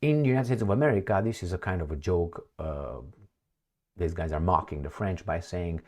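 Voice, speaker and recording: A man's voice: deep voice, normal speed. A man from Romania, hosting a casual political commentary vlog in a sarcastic, rambling way. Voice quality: sarcastic, mocking. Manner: rambling, animated, frequent fillers and laughs.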